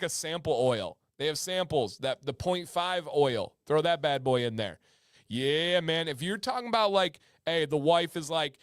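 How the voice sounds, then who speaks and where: A man's voice: on the high side, smooth, no echo, clean studio sound. A man hosting a casual livestream, reading chat aloud and joking with viewers. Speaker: livestream host.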